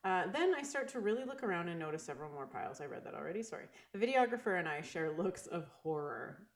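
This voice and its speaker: A woman with a fairly low voice co-hosts a casual chat, reading stories aloud and dropping swear words freely. Her voice rings in a roomy, echoey space. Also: big pitch swings, fast talker. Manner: swears freely, laughs to tears while reading. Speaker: podcast co-host, wedding photographer.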